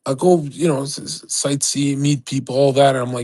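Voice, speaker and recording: A man's voice: mid-range voice, steady tone, a little fast, hardly any pauses, darkish tone. A man livestreaming, telling a rambling, profane, boastful story in a casual way.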